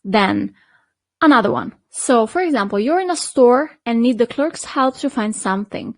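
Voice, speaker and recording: A woman's voice: fairly high pitch, expressive, normal speed, no room sound. Patient Italian-accented woman teaching. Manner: patient, checks in with frequent "okay?" and "perfect". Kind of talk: online language lesson.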